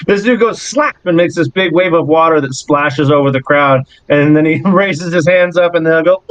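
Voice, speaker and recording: A man's voice: on the high side, moderate pace. A man running a tabletop game as game master, narrating descriptively with fillers and chuckles. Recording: dry, muffled lo-fi audio.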